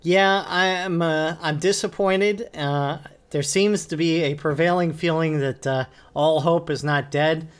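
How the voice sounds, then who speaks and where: A man co-hosting a casual podcast, easygoing and hedging his opinions with a halting delivery. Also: on the high side, steady tone, smooth. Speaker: podcast co-host. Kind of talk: casual wrestling podcast chat.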